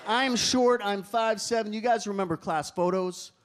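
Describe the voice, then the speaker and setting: A man performing a stand-up comedy set on a club stage, animated and shouting some lines. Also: sits high, moderate pace. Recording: club crowd laughter and room noise.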